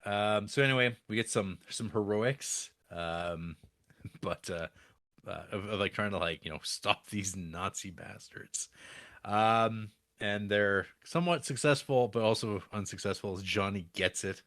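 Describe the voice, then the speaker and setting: Low-voiced man, laid-back. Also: a little slow, fairly bright tone, no echo, clean studio sound. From Canada. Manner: laid-back plot recapping, chuckling. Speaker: podcast co-host. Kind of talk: casual podcast chat.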